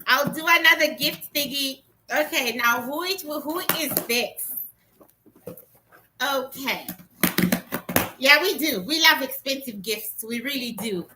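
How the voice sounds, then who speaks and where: A woman in her thirties from Africa, chatting excitedly while unboxing gifts in a casual vlog. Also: high voice, takes it slowly, long pauses, noisy background. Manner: excitable, exclaims often, chatty. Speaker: vlogger.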